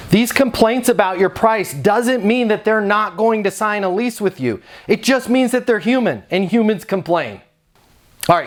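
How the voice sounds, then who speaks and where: A man, around his thirties, training property managers in a punchy, emphatic coaching style, acting out quick dialogue examples. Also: high voice. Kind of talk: energetic coaching talk to camera.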